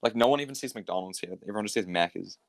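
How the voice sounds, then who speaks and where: A man's voice: on the low side, fast, gravelly, no echo. A young man with a New Zealand accent, a podcast guest chatting casually in a loose, laid-back way with lots of fillers and the odd swear. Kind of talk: casual chat.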